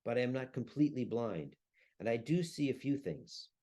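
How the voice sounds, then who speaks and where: A man's voice: mid-range voice, very animated, moderate pace, dark tone. A man reading the lines of an elderly grieving Jewish saddle maker who laments and curses bitterly. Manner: lamenting, rising to furious curses.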